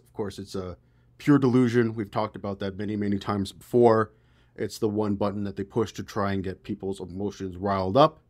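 Man, podcast host, casual news commentary, profane, exasperated, lowish voice. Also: a little mellow.

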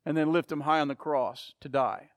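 A man's voice: fairly high pitch, steady tone, normal speed, no echo, clean studio sound. A man preaching a sermon, emphatic and repeating key phrases for effect. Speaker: pastor.

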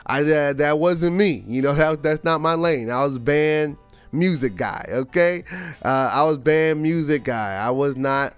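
A man's voice: on the high side, measured pace, clean tone, no room sound, soft background music. A man hosting a podcast, telling a family story in a chatty, casual way with lots of fillers. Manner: animated and chatty, full of fillers. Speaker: podcast host.

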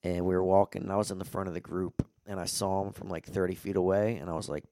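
Gravelly young man telling stories. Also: sits low, flat delivery, quick pace, dark tone, no room sound, clean studio sound. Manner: blunt, profane anecdote telling. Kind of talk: casual chat.

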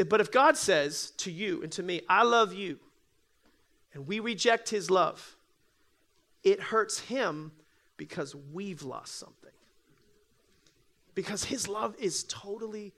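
Bright-voiced, high-pitched male pastor. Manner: conversational preaching, checks in with the audience often. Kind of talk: sermon. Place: church.

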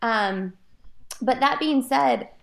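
A woman co-hosting a casual chat, sharing running tips in a relaxed way with many fillers. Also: high-pitched, takes it slowly, gravelly. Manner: relaxed, filler-heavy with frequent "like". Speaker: running podcast co-host.

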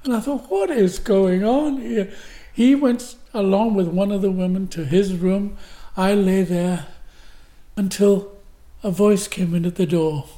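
A man's voice: high-pitched, unhurried, dark tone. Older Glasgow-born man telling stories. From Glasgow, Scotland. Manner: vivid storyteller who acts out the quotes. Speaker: guest actor. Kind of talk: anecdotal storytelling.

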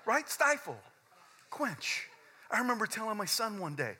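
A middle-aged male pastor preaching with a high, bright, forceful voice. He is intense and conversational, repeats himself and stumbles over restarts, then climbs into loud fervent peaks before dropping back to low, quiet asides. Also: very animated, moderate pace, husky. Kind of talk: sermon.

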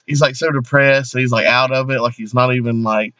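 A man's voice: mid-range voice, steady tone, brisk, pushed and bright, no echo, lo-fi sound. A man co-hosting a casual comedy podcast, rambling with lots of fillers and laughing often. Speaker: podcast co-host.

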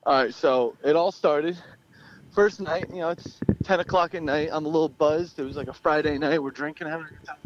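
A young man with a slightly high voice tells a wild story in loose, profane talk, laughing as he goes. The sound is dull and lo-fi. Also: steady tone, a little fast, background noise. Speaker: guest storyteller. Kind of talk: casual anecdote.

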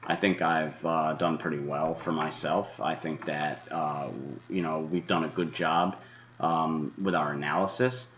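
A very deep-voiced man rants furiously on his weather podcast, cursing freely and mockingly mimicking his critics. The recording sounds dull and lo-fi, as if the high end has been shaved off. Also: normal speed, a bit bright, a little hiss or hum. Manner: angry, swearing, mocking imitations of critics. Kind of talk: profane ranting monologue.

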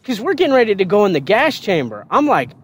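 A man telling basic training stories in a casual, profane and animated way on a podcast. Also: high-pitched, quick pace, slightly rough. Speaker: podcast guest storyteller. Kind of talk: casual storytelling.

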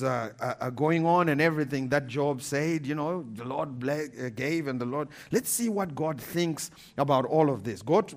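A man with a fairly high-pitched voice preaches a sermon, animated and emphatic. He keeps repeating scripture references and laughs between his points.

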